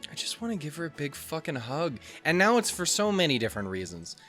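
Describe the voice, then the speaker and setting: A man's voice: on the high side, sing-song, quick pace, a bit bright, faint music behind. A man hosting a let's play, joking sarcastically, rambling and swearing while he reads the game's dialogue. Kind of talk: casual game commentary and reading dialogue aloud.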